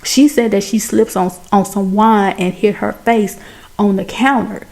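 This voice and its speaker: A woman retelling a movie plot in a chatty, animated way, talking straight to her viewers. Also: mid-range voice, measured pace, creaky. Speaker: movie recap host. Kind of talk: casual movie recap.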